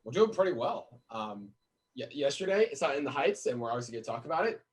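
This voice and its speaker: A young man co-hosting a casual podcast chat, excitable and joking in quick bursts. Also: mid-range voice. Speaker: podcast co-host.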